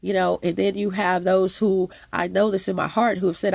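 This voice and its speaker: Gravelly woman with a stuffy nose. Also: medium pitch, steady tone, a little fast, a little mellow, dry recording. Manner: repetitive, emphatic, with frequent restarts. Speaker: channel host. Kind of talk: rambling personal monologue.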